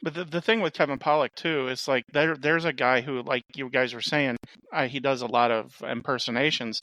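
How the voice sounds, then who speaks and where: Bright-voiced man sounding exasperated. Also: medium pitch, steady tone, fairly quick, no echo, poor audio. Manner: critical, exasperated. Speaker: podcast co-host. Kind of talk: casual movie podcast chat.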